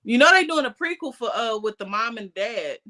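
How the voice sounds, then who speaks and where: A woman co-hosting a podcast, telling stories in casual chat with heavy swearing and loud outbursts. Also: on the high side, lively intonation, fairly quick, a loud crowd. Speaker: podcast co-host.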